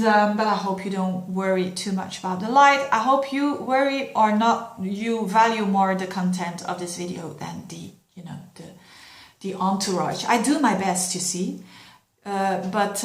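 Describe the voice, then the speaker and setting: A middle-aged woman from Belgium, an astrologer giving a yearly horoscope in an earnest, encouraging way, speaking straight to her viewers. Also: medium pitch. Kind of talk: yearly horoscope talk to camera. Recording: roomy echo.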